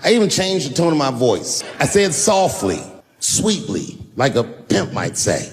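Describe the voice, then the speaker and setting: A man performing a stand-up comedy routine on a live stage, telling stories with big swings in pitch and volume. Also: big pitch swings, unhurried, big-room sound.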